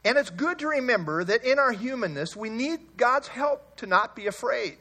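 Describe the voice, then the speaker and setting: A man's voice: very high-pitched, expressive, normal speed, pushed and bright. A male pastor giving an expository Bible sermon, earnest and emphatic, often repeating key phrases and chuckling.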